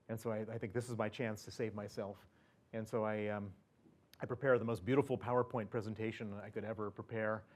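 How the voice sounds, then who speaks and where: A man speaking as a guest at an event, telling a personal story in a chatty way, full of fillers, restarts and chuckles. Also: fairly low pitch. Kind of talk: anecdotal storytelling to an audience.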